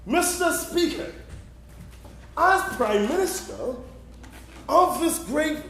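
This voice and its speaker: An actor with a Bahamian accent playing a jaded, vain seventy-year-old prime minister on stage, boastful and folksy. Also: male voice, very high-pitched, a bit bright, heavily acted. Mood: rehearsing. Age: 70s. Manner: boastful, folksy, trash-talking. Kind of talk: live stage play. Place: theatre stage. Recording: echoey theatre sound.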